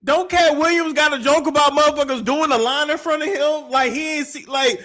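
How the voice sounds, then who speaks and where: Man, reaction show host, high bright voice, laughing, profane, incredulous. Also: steady tone, fairly quick, hardly any pauses. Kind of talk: reaction commentary.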